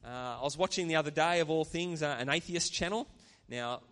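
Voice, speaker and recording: A man's voice: a little high, brisk, a bit bright, big-room sound. A man preaching a sermon as pastor, earnest and conversational, with chatty asides to the congregation. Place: church.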